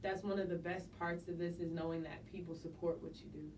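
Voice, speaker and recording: A young woman from New Jersey, guest artist in a casual interview, laid-back and quick to laugh, saying "like" a lot. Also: fairly low pitch, fairly even intonation, darkish tone. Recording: distant mic with faint noise.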